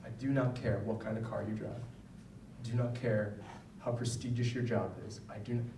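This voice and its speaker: A man's voice: medium pitch, level tone, normal speed, background noise. Man lecturing parents in a roomy hall. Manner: conversational, often ends points with "right?". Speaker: psychologist giving a talk to parents. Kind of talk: public lecture with personal stories. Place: school event hall. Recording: roomy, distant mic, faint ambience.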